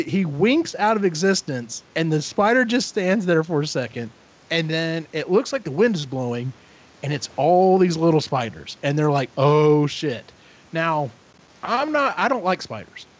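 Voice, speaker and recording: A man co-hosting a casual podcast, retelling a story with lively acted-out voices and frequent swearing. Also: a little high, a little slow. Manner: animated retelling, acts out characters, swears freely. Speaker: podcast co-host. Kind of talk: casual book recap chat. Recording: dull lo-fi audio.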